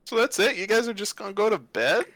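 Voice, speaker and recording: A game master narrating a tabletop game on a home stream, relaxed and laughing often. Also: medium pitch, fast.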